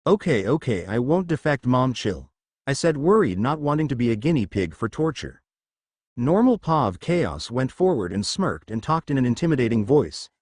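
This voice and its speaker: Lively man reading a fan story. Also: mid-range voice, no echo, studio quality. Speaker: narrator.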